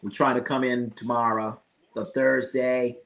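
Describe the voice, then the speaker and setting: A man's voice: mid-range voice, unhurried, creaky. A man hosting a casual live sports stream, ranting with lots of swearing and reading chat comments aloud. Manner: profane, animated ranting. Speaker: sports livestream host.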